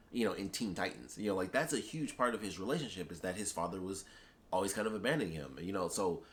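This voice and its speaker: A man giving a casual, rambling spoken film review, enthusiastic and full of fillers. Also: low voice. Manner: rambling and enthusiastic, heavy on "like" and "you know". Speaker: YouTube movie reviewer.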